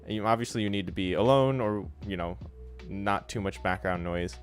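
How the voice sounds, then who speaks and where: A relaxed man with a fairly low voice hosts a casual study stream, chatting loosely and full of "like"s while he sounds out Japanese words to show pronunciation. Soft music plays faintly underneath. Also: normal speed. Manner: frequent fillers like "like" and "so". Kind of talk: casual instructional livestream.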